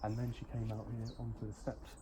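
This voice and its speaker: A man's voice: fairly low pitch, completely flat delivery, brisk. Man taunting a ghost, swearing. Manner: taunting, swearing, provoking a spirit. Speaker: paranormal investigator host. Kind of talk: ghost-hunting vlog. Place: inside an empty house. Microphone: camera mic. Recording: echoey rooms, distant mic, faint background noise.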